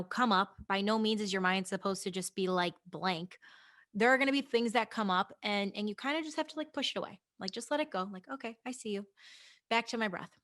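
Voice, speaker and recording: A young adult woman with a mid-range, pushed and bright voice hosts a podcast. She chats casually and frankly about goals and meditation, swearing now and then, restarting often and making asides directly to listeners.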